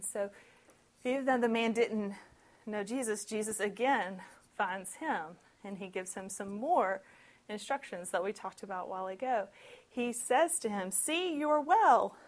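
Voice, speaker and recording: Expressive woman preaching a sermon. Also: medium pitch, unhurried. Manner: conversational and expressive, with light laughs and lively asides. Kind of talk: sermon, reading and explaining scripture.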